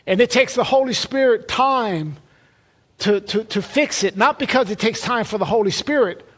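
Male preacher with a very high voice, conversational sermon delivery, stumbles and repeats words. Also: animated, normal speed, fairly bright tone.

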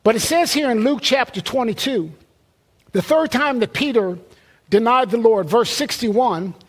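A man's voice: extremely high pitch, measured pace. A man preaching a sermon in a conversational way, often repeating words and restarting phrases.

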